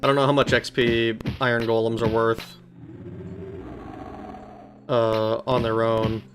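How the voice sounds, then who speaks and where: A man's voice: mid-range voice, level tone, takes it slowly, music in the background. A man giving let's play commentary on a retro game, swearing freely, getting frustrated and answering his chat. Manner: swears heavily, easily frustrated, talks to chat. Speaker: streamer playing a retro role-playing game.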